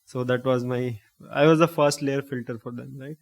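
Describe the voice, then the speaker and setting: Young Indian-accented man, casual storytelling monologue, middle pitch, loose and rambling with lots of "right?". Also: steady tone, moderate pace, creaky. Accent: Indian English. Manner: rambling, with frequent "right?" and self-corrections. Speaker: host.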